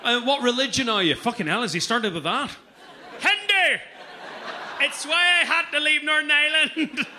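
A man in his thirties, a stand-up comedian doing loud, cheeky, swearing crowd work on a comedy club stage. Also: extremely high pitch, lively intonation, fast, few pauses, a little hiss or hum. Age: 30s.

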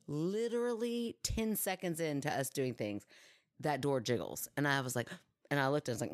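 Low-voiced animated woman podcast host. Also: normal speed, no room sound, clean studio sound. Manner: animated storyteller acting out quotes. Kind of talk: casual chat and reading listener stories.

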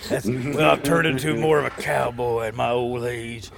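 A man's voice: medium pitch, fairly even intonation, moderate pace, vocal fry, over a noisy crowd, close to an everyday voice. A man voicing a boastful old cowboy rock star with a put-on Southern drawl, telling rambling tall tales about hunting ghosts. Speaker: comedy guest character.

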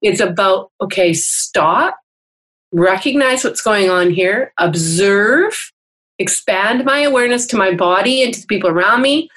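Her voice sits mid-range, expressive and fairly bright, moving at a measured pace through a low-quality recording. As a counselor and teacher being interviewed over a video call, she explains earnestly, teaching as she goes and often tossing in "right?"

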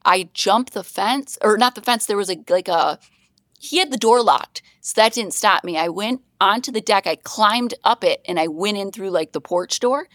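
A young adult woman telling a story as a podcast guest, bubbly and excitable, laughing often. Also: medium pitch, moderate pace, no room sound, clean studio sound. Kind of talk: casual storytelling.

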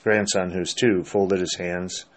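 Older man, pastor, low pitch, casual faith talk, quotes scripture. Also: slow pace. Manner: relaxed, storytelling, quotes scripture. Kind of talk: casual conversation about faith.

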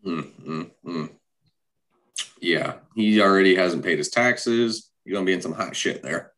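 A man's voice: deep voice, unhurried, fairly bright tone. A man co-hosting a podcast in casual chat, making laid-back, dry remarks. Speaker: podcast co-host.

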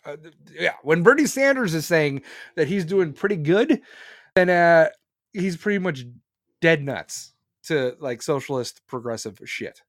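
A man's voice: a little high, lively intonation, a little slow, dry recording, clean studio sound. A male podcast host ranting about politics in a blunt, profane, heated way. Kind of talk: opinionated political rant.

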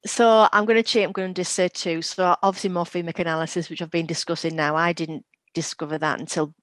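Low-voiced woman explaining teaching tips. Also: steady tone, quick pace, fairly bright tone, dry recording. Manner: practical, explains with classroom examples. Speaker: guest, education company CEO. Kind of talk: podcast interview.

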